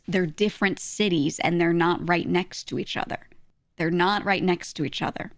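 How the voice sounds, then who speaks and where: A woman's voice: on the low side, fairly even intonation, moderate pace, no room sound. Sarcastic rambling woman streamer, dry sound. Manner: sarcastic, rambling, laughing asides; reacting to chat. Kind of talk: casual live-stream chat.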